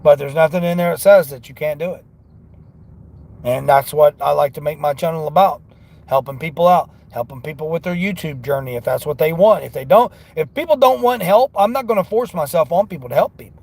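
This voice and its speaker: Brief: gravelly, slightly high-voiced man, rambling motivational talk from his car. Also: a little fast, darkish tone. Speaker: delivery driver vlogger. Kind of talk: casual talk while driving.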